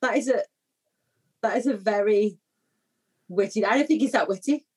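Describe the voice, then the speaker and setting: A woman's voice: medium pitch, moderate pace, a little mellow. A woman co-hosting a casual podcast, giggly and confident in her answers. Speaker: podcast co-host. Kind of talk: casual chat.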